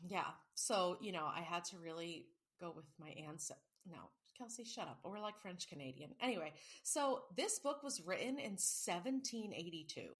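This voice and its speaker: A woman's voice: lowish voice, lively intonation, normal speed, hardly any pauses. A woman co-hosting a casual book podcast, chatty and self-mocking, swearing now and then. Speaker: podcast co-host. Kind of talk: casual chat.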